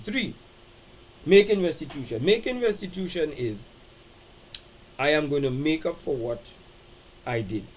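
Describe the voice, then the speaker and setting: A man hosting a live-stream talk, animated and preacherly, reading out viewer comments and acting out quoted speech. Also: fairly high pitch, a little hiss or hum, low-quality recording. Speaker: show host.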